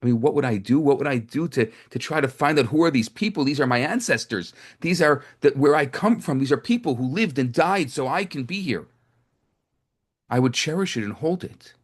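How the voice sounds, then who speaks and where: A man of middle pitch speaks as a rabbi teaching a group. He tells stories casually, circling back and repeating words as he builds his point. The tone is that of a spoken sermon, not a reading. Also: animated, a little fast. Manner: conversational, with frequent restarts and repetitions. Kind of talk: storytelling sermon to a live group.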